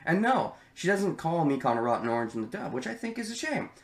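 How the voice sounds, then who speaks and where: A man's voice: fairly high pitch, big pitch swings, quick pace. Rambling man in a roomy echo. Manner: rambling and candid, many ums, swears freely. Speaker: anime reaction youtuber. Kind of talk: casual spoken commentary.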